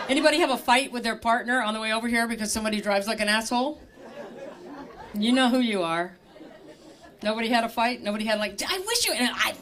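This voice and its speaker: A middle-aged woman doing stand-up comedy at a live show in a store, wry and chatty, working the crowd with questions. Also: a little high.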